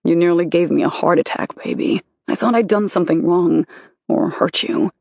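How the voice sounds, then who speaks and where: An audiobook narrator voicing a possessive, tender adult husband with low, commanding murmurs. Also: normal speed, vocal fry, darkish tone, no echo, dull audio, close to an everyday voice. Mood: worried.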